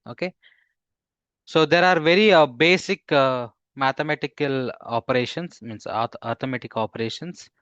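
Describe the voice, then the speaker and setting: A man teaching a live coding class, halting with fillers and restarts, often putting questions to his students. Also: medium pitch, fairly bright tone, smooth, no echo, dull audio. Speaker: instructor.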